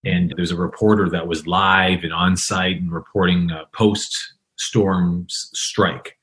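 A man's voice: low-pitched, fairly even intonation, slow pace, fairly bright tone. A man hosting an interview podcast, speaking conversationally and telling a story to his guest. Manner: tells an anecdote with acted quotes. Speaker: podcast host.

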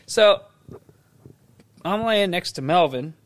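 A man co-hosting a casual podcast tells a story with a lively, swooping pitch. He takes his time and laughs often as he goes. His voice sounds dry and close, with no room around it. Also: slow pace, dry recording. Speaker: podcast co-host. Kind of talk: casual chat.

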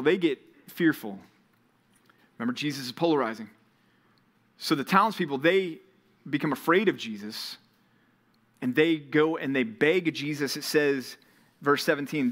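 A male pastor preaching a sermon to a college ministry, retelling Bible scenes with animated storytelling. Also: on the high side.

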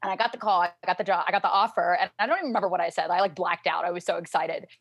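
A talkative young woman from Louisiana tells her stories in a lowish voice. The sound is close and dry, with no room around it. She jumps into high, excited voices whenever she plays her family. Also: rapid-fire, gravelly, no room sound. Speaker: guest. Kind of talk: casual interview chat.

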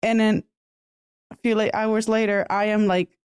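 A woman from Puerto Rico talking casually as a podcast guest, chatty and quick to laugh. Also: medium pitch, little pitch movement, darkish tone, clean tone, dry recording, studio quality. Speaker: podcast guest, bilingual content creator. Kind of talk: casual interview chat.

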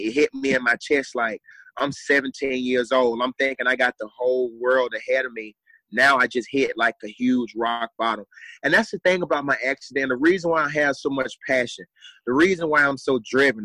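A man's voice: mid-range voice, bright, forceful tone, no echo, low-quality recording. A young adult man telling his story as a guest, earnest and repeating phrases for emphasis. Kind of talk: motivational storytelling.

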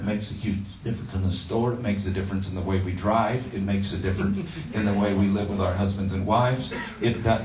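A man's voice: lowish voice, darkish tone, slight background noise. A man preaching a conversational sermon, telling a homey story with many ums and restarts. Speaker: pastor. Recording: roomy distant dull sound.

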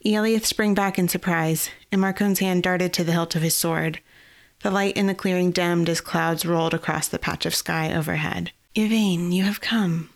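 A woman narrating a fantasy novel in a steady, even storytelling voice. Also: fairly low pitch, moderate pace, vocal fry. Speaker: audiobook narrator.

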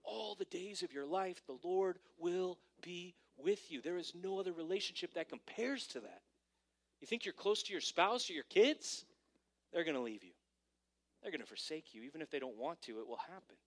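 Higher-pitched male pastor preaching animatedly. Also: moderate pace. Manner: animated preaching that swings between hushed and emphatic. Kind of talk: sermon. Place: church service before a congregation.

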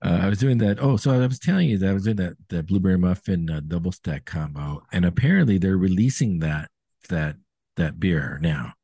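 Deep husky man on a video call. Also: fairly quick, no room sound. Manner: relaxed, rambling, lots of fillers and restarts. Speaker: podcast host. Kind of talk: casual chat over beers. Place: brewery taproom. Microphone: laptop video call.

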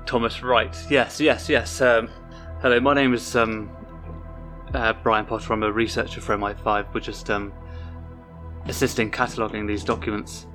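Man putting on a posh formal agent voice, lots of ums, bright tone. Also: fairly low pitch, flat delivery, normal speed, faint music behind. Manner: prim, formal, fumbling with fillers. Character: awkward male agent posing as a polished researcher.

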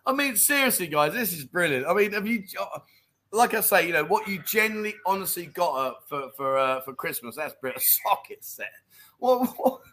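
Jokey bright-voiced man. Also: high voice, animated, moderate pace. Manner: jokey, laughs often, calls people mate. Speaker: live chat show host reading viewer comments. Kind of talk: casual live-stream chat.

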